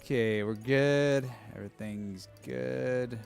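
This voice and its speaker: A man's voice: mid-range voice, slow, creaky, darkish tone, faint music behind. A man giving casual, rambling gameplay commentary as a streamer, joking and swearing freely.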